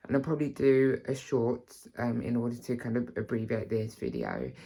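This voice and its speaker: A man with an Estuary English accent talks through a casual accent lesson at an unhurried pace. His voice carries a gravelly fry. He explains loosely and often circles back to restate a point. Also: mid-range voice, darkish tone. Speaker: actor giving an accent tutorial. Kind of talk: casual spoken tutorial.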